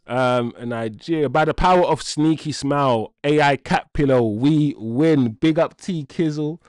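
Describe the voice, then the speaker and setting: A man's voice: mid-range voice, normal speed, no room sound, studio quality. A young man hosting a live football watchalong, chatting casually with slang and reading out viewers' comments. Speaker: host.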